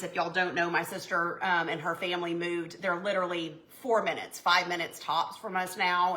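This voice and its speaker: A woman's voice: fairly low pitch, fairly bright tone, echoey room. A woman, chatting with viewers while baking in her home kitchen, flustered and talkative. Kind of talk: casual chatty cooking livestream.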